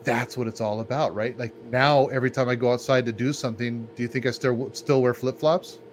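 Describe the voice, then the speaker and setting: A man's voice: medium pitch, steady tone, brisk. Rambling, laid-back male podcast storyteller. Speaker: podcast co-host. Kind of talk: casual podcast chat. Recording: faint background noise.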